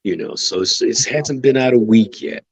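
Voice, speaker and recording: A man's voice: medium pitch, animated, normal speed, rough recording. An American man, a musician guest on a radio show, talking in an easygoing, chatty way with many fillers. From United States. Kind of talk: casual radio interview.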